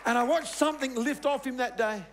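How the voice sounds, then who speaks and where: A middle-aged male pastor delivers a sermon in a strikingly high voice. He tells stories from his own life and leans on emphasis, dropping to a quiet, low tone on his key points. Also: a little fast, crowd noise, background noise. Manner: emphatic, storytelling, dropping soft on key words.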